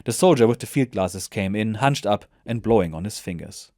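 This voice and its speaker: A man reads a soldier's memoir aloud in a measured, steady way. His voice is low, and the recording is dry and close. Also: dry recording. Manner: measured, even narration. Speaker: narrator. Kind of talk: audiobook memoir reading.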